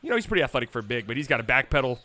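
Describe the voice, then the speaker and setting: A man hosting a basketball channel, breaking down game highlights with playful, joking asides. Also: very animated, rapid-fire, sharp tone. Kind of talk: game film breakdown commentary.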